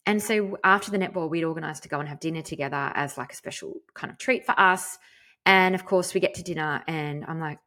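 A woman's voice: fairly low pitch, brisk, a bit bright. An Australian woman hosting a podcast, telling a personal story in a chatty, candid way with the odd casual swear. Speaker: podcast host.

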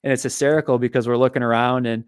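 A man, a physical therapist and author, telling a long personal story in a podcast interview, animated and often repeating his words. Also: medium pitch, racing, clear, resonant tone, no echo, studio quality.

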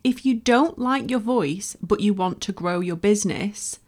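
A woman's voice: medium pitch, unhurried, a little mellow. A woman with a Northern English accent from Bolton, hosting a solo podcast and giving frank, emphatic encouragement. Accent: Northern English (Lancashire). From Bolton, northwest England. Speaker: podcast host. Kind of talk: solo podcast advice talk.

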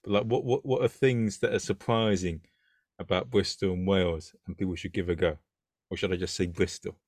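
A man's voice: sits low, steady tone, brisk, a little mellow, no echo, clean studio sound. A man hosting a casual interview, asking questions with lots of stumbling restarts. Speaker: interview host.

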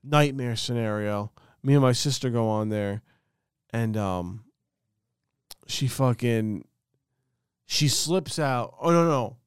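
A man's voice: mid-range voice, takes it slowly, pauses often, clear, resonant tone, no echo, clean studio sound. A young man, telling a rambling, swear-filled story on a casual podcast. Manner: rambling storyteller, heavy swearing, animated impressions. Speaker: podcast co-host. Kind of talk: casual chat.

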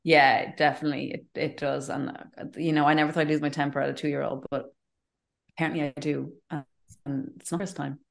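A woman's voice: sits low, flat delivery, a little fast, vocal fry. A woman, telling candid personal stories in a casual chat as co-host, with lots of fillers and restarts. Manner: candid, chatty storyteller with many fillers and restarts. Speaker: podcast co-host.

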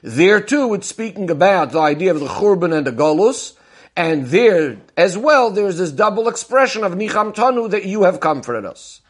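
A man with a high voice teaches a Talmudic discourse. He poses questions and answers them methodically, retelling each story step by step. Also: very animated, normal speed. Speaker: Torah teacher.

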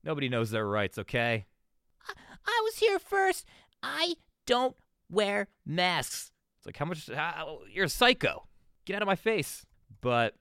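A man's voice: fairly high pitch, fairly bright tone, smooth, dry recording, studio quality. A man hosting a solo podcast, rambling casually and swearing, often restarting and trailing off. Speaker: podcast host.

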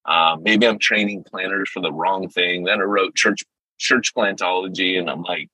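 A man hosting a podcast in casual chat, animated and full of quick impressions. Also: deep voice, breathy edge, no room sound, rough recording. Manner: animated, jumps into impressions and loud exclamations. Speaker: podcast host.

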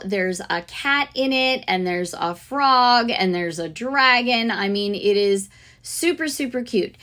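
A woman with a slightly high, bit bright voice hosts a podcast for music teachers, talking casually and enthusiastically about lesson ideas. She's chatty, with lots of fillers and restarts, and she chants rhythms and sings snippets.

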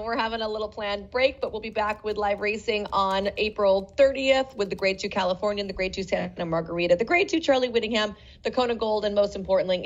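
A woman co-hosting a casual podcast, talking briskly and informatively. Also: mid-range voice, dull audio. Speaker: podcast co-host. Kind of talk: casual chat.

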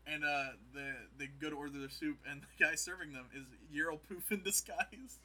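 Very bright-voiced man retelling scenes. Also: a little high, steady tone. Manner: retells scenes with quick put-on voices, laughing often. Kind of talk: casual chat recapping a comedy show.

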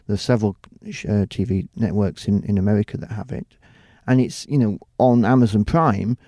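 A man's voice: fairly low pitch, fairly even intonation, fairly quick, dark tone, no echo, studio quality. A middle-aged man from the United Kingdom, a TV presenter talking casually in an interview, rambling with many restarts and "you know"s. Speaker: TV presenter and producer.

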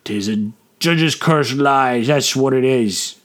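A man's voice: medium pitch, slow, a bit bright. Man playing drunken old sailor, slurring, crude braggart, storybook audio. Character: drunken old male sailor, boastful and bawdy.

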